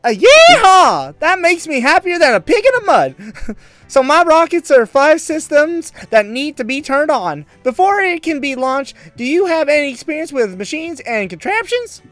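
A woman's voice: high voice, sing-song, moderate pace, soft background music. Woman doing a perky Southern squirrel cowgirl. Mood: folksy. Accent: put-on Southern US. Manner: folksy drawl, bouncy. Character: cheerful Texan squirrel woman scientist. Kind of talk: gaming video voice acting.

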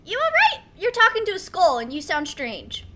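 A woman streamer giving casual gameplay commentary, excitable and talking to herself, with yelps as she plays. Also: extremely high pitch, moderate pace, a little hiss or hum. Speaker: gaming streamer.

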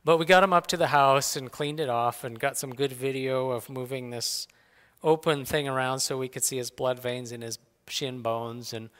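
Bright folksy man telling a story. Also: mid-range voice, moderate pace. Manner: folksy, animated anecdotes. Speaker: church speaker. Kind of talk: personal storytelling talk. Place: church sanctuary. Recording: long hall reverb.

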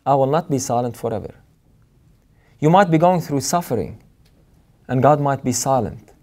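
A man's voice: medium pitch, animated, moderate pace, mellow. A man preaching a sermon in an earnest, emphatic way, repeating phrases for weight.

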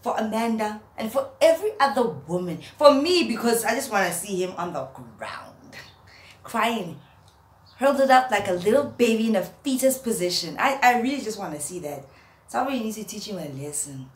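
A woman's voice: mid-range voice, fairly quick. Young woman ranting and mocking someone on her vlog, voice jumps all over, echoey room. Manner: mocking, animated, laughs at her own jokes. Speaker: vlogger. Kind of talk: roasting rant to camera. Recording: roomy echo, faint background hum.

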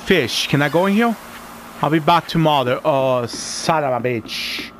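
A man's voice: fairly high pitch, lively intonation, unhurried, a bit bright, a little hiss or hum. Rambling, cussing gamer guy. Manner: rambling, swears often, talks to the viewers. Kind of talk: casual let's-play commentary.

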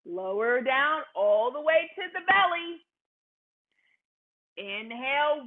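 Woman yoga teacher for a family class; slow, playful, encouraging; thin phone-line sound. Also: high voice, animated. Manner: playful, encouraging, sing-song cues. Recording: tinny phone-like livestream audio.

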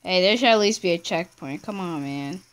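A woman's voice: fairly low pitch, lively intonation, moderate pace, clear, resonant tone. A woman casually commenting on her own gameplay, chatty and talking to herself, breaking into screams when she fails. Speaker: gameplay channel host.

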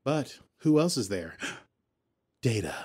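A man casually recapping a TV episode for a podcast, loosely paraphrasing characters' lines in an animated, chatty way. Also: mid-range voice, takes it slowly, slightly rough. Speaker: podcast host.

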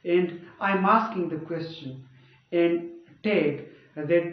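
A man's voice: a little high, slow pace. A man giving a grammar lecture in a classroom, often stopping to check that listeners follow. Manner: checks understanding with frequent rhetorical prompts. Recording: echoey, dull room sound from far off.

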